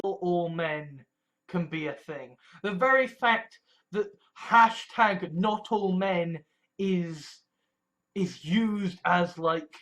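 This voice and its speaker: A man with a notably high voice rants in a sarcastic, mocking monologue. He trips over and repeats his words as he presses his points. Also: fairly bright tone. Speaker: online preacher. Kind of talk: ranting monologue.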